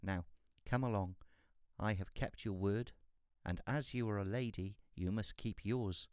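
A man's voice: on the low side, a little slow, a little mellow, clean tone, no echo, clean studio sound, close to an everyday voice. A man voicing a sly, gleeful little male devil in a storybook reading, with a mocking, sing-song manner.

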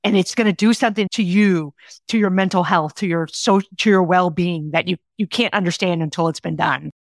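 A woman's voice: lowish voice, fairly quick, no echo, studio quality. Enthusiastic woman author guesting on a podcast. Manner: enthusiastic, emphatic, down-to-earth. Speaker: author and keynote speaker, guest. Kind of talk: conversational interview.

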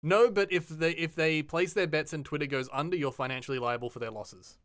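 A man's voice: fairly high pitch, steady tone, a little fast, fairly bright tone, no room sound. A man co-hosting a podcast, teasing and joking in casual banter. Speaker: podcast co-host.

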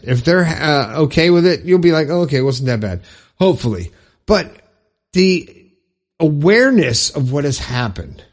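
A man giving an earnest, rambling motivational talk to listeners, often repeating himself. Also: on the high side. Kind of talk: motivational monologue.

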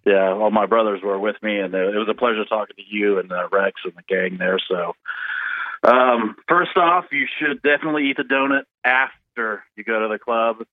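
Low-voiced male caller on a phone. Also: normal speed, no room sound. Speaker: caller, Marine veteran. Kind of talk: phone-in call. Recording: tinny phone line.

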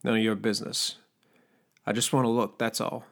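Gravelly scheming old cook, read by a guy, sly and needling, storybook voice. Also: on the low side, level tone, normal speed, close to an everyday voice. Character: scarred, scheming disgraced male cook. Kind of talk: audiobook character voice.

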